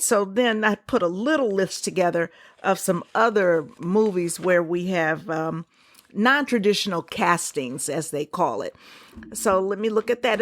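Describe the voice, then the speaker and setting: A woman hosting a solo podcast, giving her opinions in a conversational, emphatic way with quick asides. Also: mid-range voice, no room sound, clean studio sound. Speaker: podcast host.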